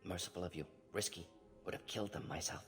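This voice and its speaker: An actor voicing an alien male scientist doctor who speaks in rapid, clipped fragments, dropping small words, in a video game. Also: low voice, steady tone, fairly bright tone, faint music behind.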